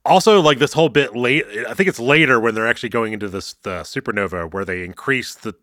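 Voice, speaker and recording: A man's voice: medium pitch, quick pace, pushed and bright, no echo, studio quality. A man co-hosting a podcast, chatting casually as he recaps a TV episode and acts out quotes in mock voices. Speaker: podcast co-host.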